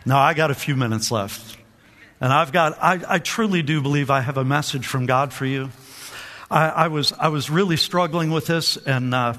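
Man, pastor, sermon, call-and-response, repeats himself, high voice, long hall reverb. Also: fairly bright tone. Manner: call-and-response preaching, repeats phrases, stammering restarts. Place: church hall.

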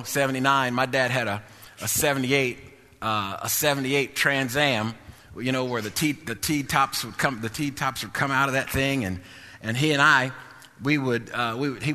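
A man's voice: mid-range voice, moderate pace, sharp tone, in a large hall. A man preaching a testimony sermon with emphatic, repetitive phrasing that builds to sung-out peaks.

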